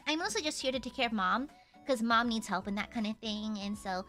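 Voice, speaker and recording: A woman's voice: a little high, lively intonation, moderate pace, fairly bright tone, faint music behind. A woman streamer chatting casually with her viewers, giggly and rambling with lots of fillers. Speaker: livestreamer.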